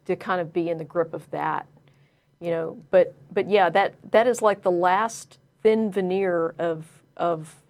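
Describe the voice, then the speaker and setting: A woman's voice: fairly low pitch, fairly even intonation, unhurried, a little mellow. A woman co-hosting a call-in talk show, agreeing often and adding her points in a casual way. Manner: agreeable, lots of "yeah". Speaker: co-host.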